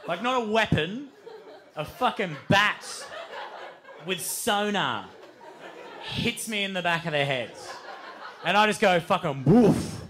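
A man telling a live comedic story on stage, swearing freely and acting out other people with sudden shouted outbursts. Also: high voice, lively intonation, measured pace, pauses often, background noise. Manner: swears a lot, acts out voices with shouted outbursts. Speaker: stand-up storyteller. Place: live stage before an audience.

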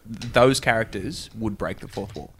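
A man's voice: on the low side, measured pace, a bit bright, a little hiss or hum. A man in casual group chat, emphatic and blunt.

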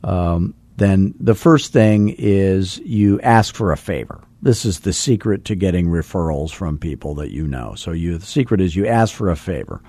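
A man's voice: sits low, animated, normal speed, few pauses, dark tone, no room sound. A man hosting a real estate coaching podcast, telling a jokey anecdote and acting out both sides of a phone call. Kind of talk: casual storytelling on a podcast.

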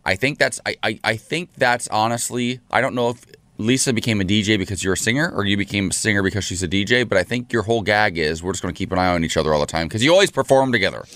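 A man in his thirties co-hosting a casual chat show, telling stories with lively acted-out quotes. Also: on the low side, quick pace, no echo. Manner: animated storytelling, acts out quotes. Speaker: co-host.

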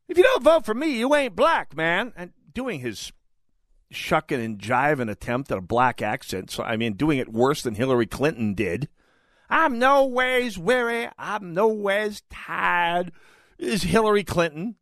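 A man's voice: medium pitch, no room sound. A man hosting a talk radio show, giving opinionated commentary with emphatic, sarcastic delivery and indignant outbursts into a studio mic.

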